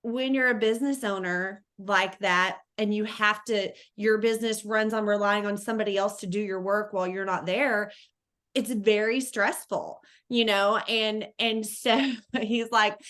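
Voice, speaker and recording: A woman's voice: medium pitch, fairly even intonation, measured pace, a bit bright. A woman hosting a call, chatting casually and acting out what people said with laughs. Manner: chatty, acts out quotes, laughs between lines. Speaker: host. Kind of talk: casual chat.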